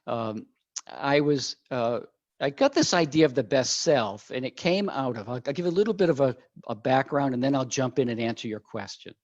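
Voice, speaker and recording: A man speaks as an executive coach, telling a story and voicing each side of the conversation with lively energy. His voice sits in the middle of the male range. The audio is dull and lo-fi. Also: medium pitch, normal speed, no echo. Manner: animated, acts out quoted dialogue. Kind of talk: storytelling in an interview.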